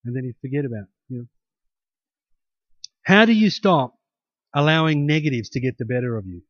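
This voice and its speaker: A pastor preaches in a conversational style, frequently tagging points with "hey?" and restarting sentences. His medium-pitched voice is expressive and moderately paced. The recording is dry, dull, and lo-fi with no room sound.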